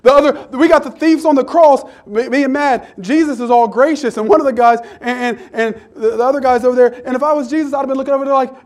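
A middle-aged man preaching a sermon in church, conversational and humorous, sometimes shouting when he acts out outbursts. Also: extremely high pitch, fast talker, few pauses. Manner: animated, rising to shouts in acted outbursts.

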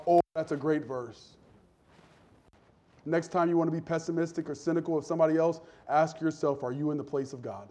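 A man preaching a sermon in a conversational, humorous way, acting out people in quick voices. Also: on the high side, mellow. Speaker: pastor.

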